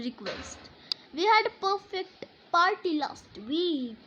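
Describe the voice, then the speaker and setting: A woman's voice: high voice, lo-fi sound, slight background noise. A woman teaching a grammar lesson, explaining and reading example sentences aloud with emphasis.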